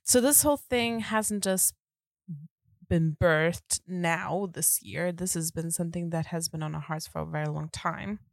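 An excited woman with a low voice chats on a podcast, laughing often and talking eagerly. The sound is dry and close, recorded in a small caravan. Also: unhurried, gravelly, no echo. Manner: excited, chatty, laughs a lot. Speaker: podcast co-host. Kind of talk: casual chat. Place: bed in a caravan.

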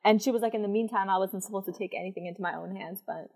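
A woman's voice: mid-range voice, steady tone, rapid-fire, a little mellow. A young woman telling a personal story in casual chat, with lots of fillers and frequent laughter.

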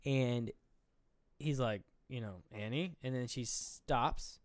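A young man recapping a horror film for his podcast co-host, telling it scene by scene. He slips into the characters' lines as he goes, in an easygoing, chatty way. His voice is smooth and clear, recorded close and dry. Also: mid-range voice, slow pace, no echo. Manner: animated retelling, acting out characters' lines. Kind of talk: casual movie recap chat.

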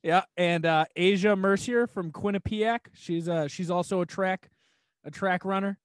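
A man's voice: high-pitched, normal speed, no echo, clean studio sound. A man from New Hampshire chatting as a podcast guest, rambling and laughing often between phrases. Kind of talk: casual podcast chat.

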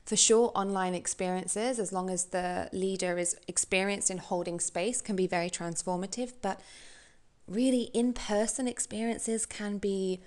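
A woman's voice: mid-range voice, fairly even intonation, moderate pace, darkish tone. Upbeat woman podcast host, gushing. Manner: upbeat, gushing, spiritual coaching talk. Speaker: podcast host and business mentor. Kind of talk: casual solo podcast talk.

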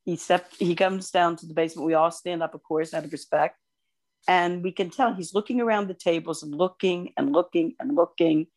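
Older woman co-host, low-pitched, casual storyteller. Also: fairly quick. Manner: animated storyteller, gushing over cute animals. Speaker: podcast co-host.

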